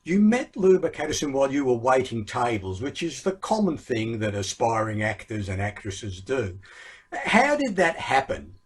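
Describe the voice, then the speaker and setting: A man's voice: medium pitch, sing-song, moderate pace, husky. A man hosting a podcast, asking a guest a question with some hesitant fillers. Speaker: podcast host. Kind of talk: interview question.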